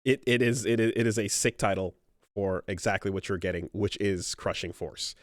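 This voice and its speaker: A man's voice: fairly low pitch, normal speed, no room sound. Middle-aged guy rambling on a podcast, lots of ums and restarts, dead dry sound. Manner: rambling, many fillers and restarts. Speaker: podcast co-host. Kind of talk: casual chat.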